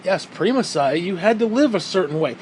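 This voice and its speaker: High-voiced man ranting bluntly. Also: expressive, brisk, a little mellow, slight background noise, poor audio. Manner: blunt, profane, repeats points for emphasis. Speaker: vlogger. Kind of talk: heated ranting commentary.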